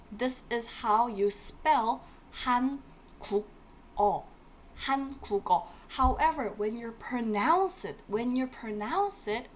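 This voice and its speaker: Woman teaching a live class online, a bit high-pitched, keeps repeating words, laughs a lot. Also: a little hiss or hum. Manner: encouraging, repeats words for drilling; laughs often, playful asides. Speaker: language teacher.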